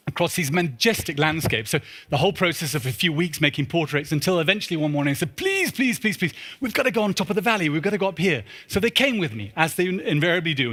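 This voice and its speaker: Fast, bright-voiced man storytelling. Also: fairly high pitch. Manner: animated, acts out his own pleading and inner voices. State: a little out of breath. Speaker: speaker at a symposium. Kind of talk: storytelling keynote talk. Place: large church.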